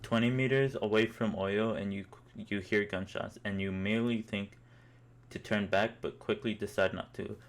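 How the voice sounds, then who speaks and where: A man's voice: on the low side, fairly even intonation, normal speed. A young man narrating a comic story in the second person, in an amused, mock-epic way.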